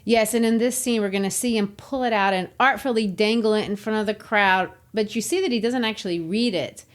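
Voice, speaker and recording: Animated woman retelling a play. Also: medium pitch, a little fast. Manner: animated storytelling, laughs often. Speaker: podcast co-host. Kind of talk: literature podcast discussion.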